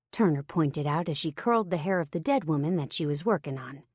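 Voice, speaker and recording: A woman narrating a first-person romance audiobook in a steady, wry storytelling manner. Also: sits low, brisk, few pauses, husky, no echo, clean studio sound.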